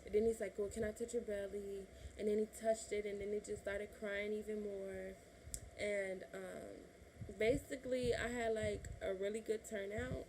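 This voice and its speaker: Speaking at a moderate pace with a warm, medium-pitched voice and little pitch movement, this vlogger tells her camera a personal story. She's a 21-year-old Illinois woman who laughs a lot and acts out her family's lines, with a faint hiss or hum in the recording.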